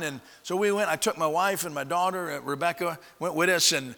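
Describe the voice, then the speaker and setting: A man's voice: on the high side, brisk. Male preacher telling a story in a reverberant hall. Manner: animated storyteller acting out dialogue, frequent restarts. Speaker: pastor. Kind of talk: storytelling sermon.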